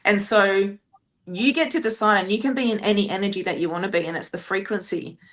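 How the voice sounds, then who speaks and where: A woman's voice: medium pitch, brisk, a bit bright. A woman coach chatting in a casual podcast conversation, telling stories enthusiastically in spiritual terms. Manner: enthusiastic, storytelling, spiritual wording. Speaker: business and energy coach.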